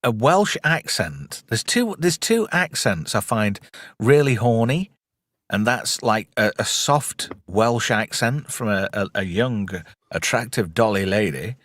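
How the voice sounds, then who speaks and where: An Englishman chatting on a podcast, his pitch swinging up and down as he rambles. He jokes bawdily and trades stories. The sound is close and dry. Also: lively intonation, a little slow, a bit bright, no room sound. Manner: bawdy, joking, rambling. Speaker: podcast co-host. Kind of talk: casual chat.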